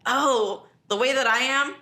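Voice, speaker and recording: Bright-voiced woman, giggly and blunt. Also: high voice, measured pace. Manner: giggly, blunt, swears casually. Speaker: podcast co-host. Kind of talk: casual movie chat.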